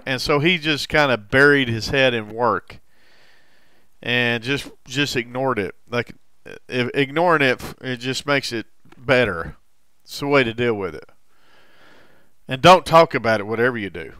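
A man in recovery telling a personal story in a halting way, with frequent restarts and heavy swearing. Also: medium pitch, sharp tone, clean tone, no room sound. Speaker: recovering alcoholic sharing his story.

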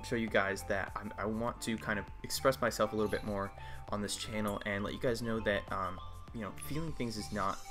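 A man who is a channel host speaks to his viewers in a casual, heartfelt way, hesitant and full of fillers and restarts. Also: lowish voice. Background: guitar music.

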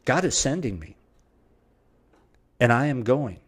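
A man's voice: medium pitch, big pitch swings, unhurried. A middle-aged man preaching a verse-by-verse Bible sermon with an emphatic, repetitive cadence.

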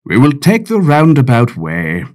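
A man's voice: medium pitch, wildly swooping pitch, measured pace, a little mellow, voice pushed up. Man doing a weary, unimpressed navy captain. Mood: exasperated. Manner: dry, exasperated, lecturing. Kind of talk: audiobook character voice.

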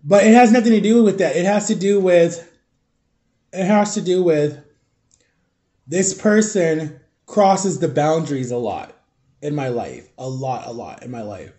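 A man's voice: on the high side, mellow. Congested man rambling on a vlog. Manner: rambling, halting, searching for words. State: congested, stuffy nose. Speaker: vlogger. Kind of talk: casual confessional vlog. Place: at home, eating on camera.

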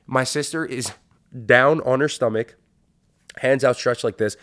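Profane, animated male podcast storyteller. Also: mid-range voice, unhurried. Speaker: podcast host. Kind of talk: casual storytelling.

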